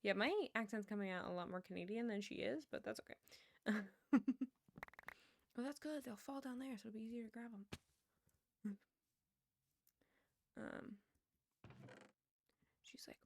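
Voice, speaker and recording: A woman's voice: fairly high pitch, unhurried, creaky, pauses often, no room sound. A woman streamer chatting casually while she plays, rambling and laughing often. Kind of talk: casual chat while gaming. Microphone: wired earbuds with a headset mic.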